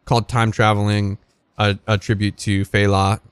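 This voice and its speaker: A man's voice: fairly low pitch, level tone, moderate pace, clean tone, dry recording. A man co-hosting a community radio music show, easygoing and casually profane, introducing tracks with some hesitation. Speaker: radio co-host.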